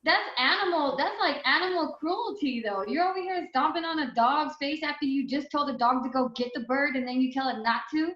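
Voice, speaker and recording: A woman co-hosts a radio show, her voice high and bright. She jokes around in casual banter. The recording is dull and echoey. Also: a little fast, few pauses. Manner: bright, joking. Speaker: radio co-host.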